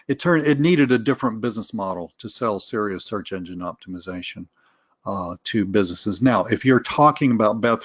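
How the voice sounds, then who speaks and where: Rambling low-voiced webinar host, man. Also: a bit bright, dry recording, dull audio. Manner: rambling, full of restarts and fillers; candid, self-aware asides. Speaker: webinar host answering viewer questions. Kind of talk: casual live Q and A webinar.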